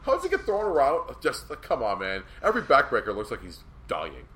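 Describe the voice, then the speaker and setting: Profane, excitable podcast co-host man. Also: medium pitch, fairly quick. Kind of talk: casual wrestling chat.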